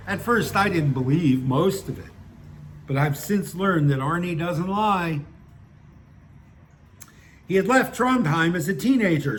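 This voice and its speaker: An older man with a fairly high voice reads his own stories aloud. He keeps wandering off into chatty, self-mocking asides before he picks the thread back up. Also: a little hiss or hum. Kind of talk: story reading with chatty asides.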